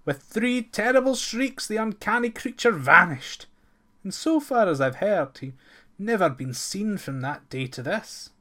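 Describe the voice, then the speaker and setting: Male storyteller for a fairy tale, expressive, bright tone. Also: high-pitched, a little slow. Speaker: narrator. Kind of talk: storybook folktale reading.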